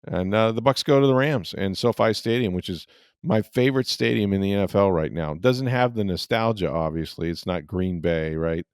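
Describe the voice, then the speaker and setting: A man's voice: low voice, normal speed, clean tone, no echo, clean studio sound. A middle-aged man hosting a sports podcast, telling a rambling story in casual chat with lots of fillers.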